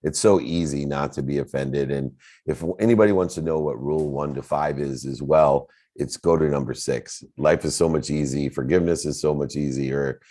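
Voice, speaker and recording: Host guy with a super low, dark voice, encouraging and reflective. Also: steady tone, moderate pace. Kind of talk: motivational talk.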